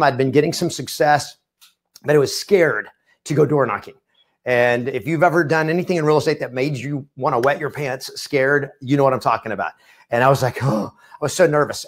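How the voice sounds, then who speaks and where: A middle-aged man leads a live coaching webcast in a fairly high-pitched voice. He hammers his points home with emphatic, repetitive phrasing. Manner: emphatic, repetitive, punchy delivery. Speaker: real estate coach. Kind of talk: motivational webcast presentation. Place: studio.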